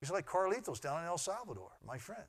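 A middle-aged man, a pastor, preaching a sermon in an earnest way that swings from loud to hushed. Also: high voice, big pitch swings, fast, slightly rough.

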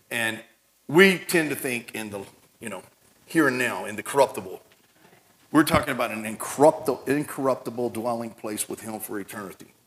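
A middle-aged man preaching a sermon in a folksy, conversational way, swinging between loud emphatic lines and soft low asides. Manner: folksy and conversational, laughs and tells family stories. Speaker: pastor.

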